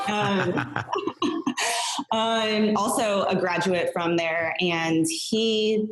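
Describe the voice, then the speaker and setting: A woman's voice: fairly low pitch, measured pace, crowd noise. A woman in a casual podcast chat as the new host, bubbly, laughing often and restarting her sentences. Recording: echoey room.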